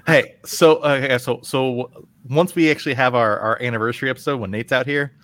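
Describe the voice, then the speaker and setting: A man's voice: mid-range voice, quick pace, a bit bright. A man hosting a casual geeky podcast, upbeat and joking as he steers the chat with his co-hosts. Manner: upbeat, joking, drives the conversation. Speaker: podcast host.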